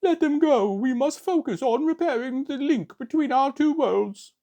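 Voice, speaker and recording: A man puts on a scheming cartoon robot lieutenant in an odd, strained voice pitched far above his own. The delivery is formal and careful. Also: expressive, normal speed, mellow, highs cut off.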